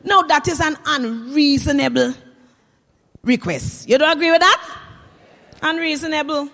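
A woman tells comic stories in a lively creole style, slipping into the characters as she goes. Her voice sits a little high and carries a long hall reverb. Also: a little slow. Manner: lively creole storytelling, acts out scenes. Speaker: storyteller. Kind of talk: comic storytelling.

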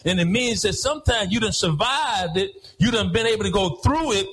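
A pastor preaching a sermon in church, rhythmic, swinging between half-sung phrases and shouted lines. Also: male voice, high-pitched, expressive, fairly quick, hardly any pauses, rough recording.

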